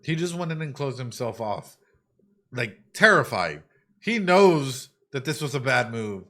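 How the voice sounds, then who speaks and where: A man, a psychologist, giving excitable let's play commentary, exclaiming and musing aloud. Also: medium pitch, unhurried. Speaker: psychologist playing a game on stream.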